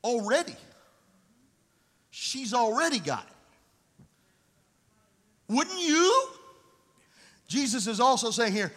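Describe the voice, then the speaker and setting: Fervent high-voiced preacher, echoey hall. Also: male voice, big pitch swings, slow pace, pauses often. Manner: fervent preaching, rising to shouts. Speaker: pastor. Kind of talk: sermon. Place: church sanctuary.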